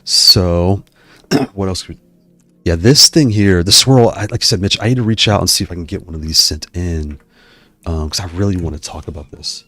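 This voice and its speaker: A man's voice: sits low, normal speed, pushed and bright, dry recording, faint music behind. A man hosting a live stream, chatting casually with viewers in a rambling way, often stopping himself mid-sentence. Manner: rambling, self-interrupting, digressive. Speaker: YouTube host reading live chat.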